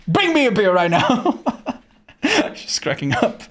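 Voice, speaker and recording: With an extremely high-pitched, slightly bright voice, a man chats casually on a livestream, laughing often, swearing without restraint, and reading his chat, in English, which is not his native language.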